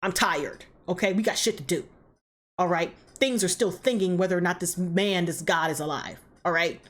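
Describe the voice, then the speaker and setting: A woman's voice: on the low side, moderate pace, close to an everyday voice. A woman putting on a fed-up earth goddess who bosses her quarreling family around in slangy, profane commands. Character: exasperated matriarch goddess scolding family.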